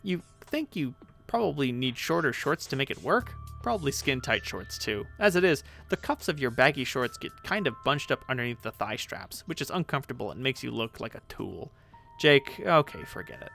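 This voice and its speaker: A man reading a webcomic aloud with playful, animated delivery. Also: medium pitch, moderate pace, gravelly, soft background music. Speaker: webcomic reader.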